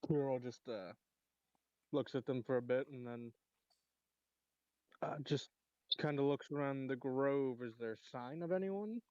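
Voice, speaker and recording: A man's voice: mid-range voice, a little slow, long pauses, dark tone, clear, resonant tone, no room sound, dull audio. Hesitant man playing a tabletop game. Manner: hesitant, with many fillers. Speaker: player. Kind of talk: describing his character's actions in a tabletop game.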